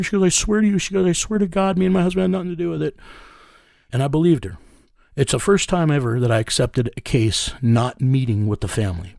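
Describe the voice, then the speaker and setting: A man's voice: medium pitch, darkish tone, dry recording, studio quality. A man telling a story in an interview. He rambles in a casual, profane way and keeps acting out conversations with "I said" and "he goes.". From United States. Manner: rambling, profane, reenacts dialogue with repeated "I said". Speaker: interviewee, vigilante team leader.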